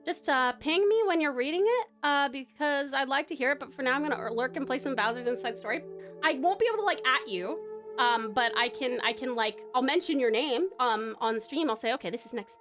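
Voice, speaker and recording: A bubbly woman from Tasmania, Australia, streams live, chatting with her audience, reading stories and laughing often. Her voice is high-pitched, animated and brisk with a fairly bright tone, and background music plays.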